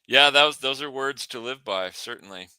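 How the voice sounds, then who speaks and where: Bright, crisp-voiced male co-host. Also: medium pitch, normal speed, dry recording. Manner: easygoing, tells anecdotes. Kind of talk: casual chat.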